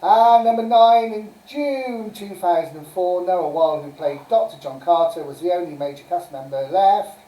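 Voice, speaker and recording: A woman hosting a homespun online quiz night, chatting away and giggling between answers. Her voice is mellow and sits in an echoey room, picked up from a distance by the mic. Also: on the low side, normal speed, hardly any pauses. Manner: chatty, giggly, reads answers and scores aloud. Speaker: quiz host. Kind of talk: casual live-stream pub quiz. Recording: roomy sound from a distant mic.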